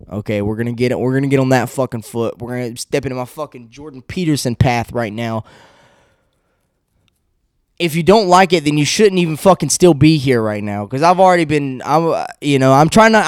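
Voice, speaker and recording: A man's voice: on the high side, darkish tone, smooth, dry recording, clean studio sound. A man hosting a podcast solo, ranting bluntly and rambling, swearing constantly and laughing at his own remarks. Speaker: podcast host. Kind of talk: profane solo podcast rant.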